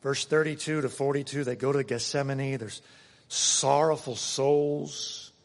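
A man preaching a sermon and reading scripture aloud, emphatic, swinging between loud passages and hushed ones. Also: mid-range voice, steady tone, brisk. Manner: dramatic reading of scripture quotes. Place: church. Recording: long reverb of a church hall.

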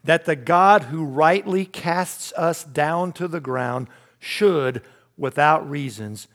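A man delivers a sermon with a somewhat high voice. He talks to the congregation conversationally, poses rhetorical questions, and swings between loud, emphatic lines and quiet asides. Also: takes it slowly. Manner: conversational with rhetorical questions and self-deprecating laughs. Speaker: pastor.

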